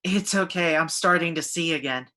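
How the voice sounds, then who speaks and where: A woman's voice: lowish voice, moderate pace, sharp tone. Young man, brave but frightened, strained delivery, read by a woman. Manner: strained, panicky.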